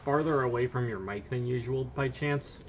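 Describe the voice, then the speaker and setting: A man's voice: mid-range voice, moderate pace, slight background noise. A man co-hosting a gameplay commentary, teasing and playful in casual chat over a voice call.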